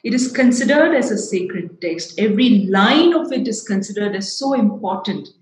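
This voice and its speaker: Earnest South Indian woman in an echoey hall. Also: mid-range voice. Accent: South Indian English. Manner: earnest, emphatic, explanatory. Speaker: speaker giving a talk. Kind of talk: public talk.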